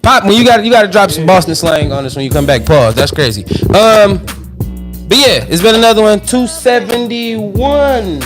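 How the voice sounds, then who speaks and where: A man's voice: high-pitched, lively intonation, moderate pace, over music. A man hosting a podcast, talking loose and slangy and half-singing his catchphrases. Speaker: podcast host. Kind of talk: casual podcast sign-off chat.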